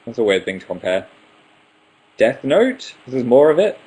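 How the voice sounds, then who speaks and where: A man's voice: medium pitch, very animated, moderate pace, darkish tone, breathy edge, rough recording. A man in his twenties hosting a casual live stream, reading out viewer questions and answering them one by one with playful asides. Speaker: livestream host.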